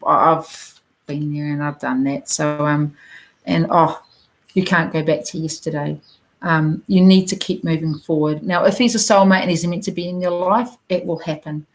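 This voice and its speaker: A woman with a New Zealand accent giving a gentle, encouraging oracle card reading to viewers, talking directly to them with plenty of ums. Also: low voice, steady tone, normal speed, low-quality recording.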